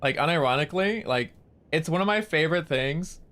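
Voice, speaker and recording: A man's voice: a little high, lively intonation, brisk, a bit bright, low-quality recording. A young man streaming a game in casual chat, rambling, joking and swearing freely as he talks to his viewers.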